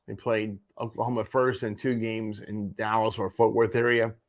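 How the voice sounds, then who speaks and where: A man's voice: fairly low pitch, little pitch movement, moderate pace. A man hosting a morning sports show, running through junior hockey standings with wry offhand asides. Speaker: host. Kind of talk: sports radio rundown.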